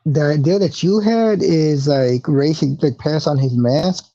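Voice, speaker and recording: A podcast co-host in casual chat, relaxed and profane, laughing often. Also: medium pitch, a little slow. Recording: muffled lo-fi audio.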